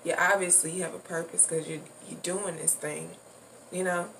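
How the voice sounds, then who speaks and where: This spiritual vlogger talks at a normal pace in a level tone, her fairly low voice a bit bright. Her casual spiritual talk is loose and repetitive, with the odd swear word. Picked up from a distance, the recording carries clear background noise.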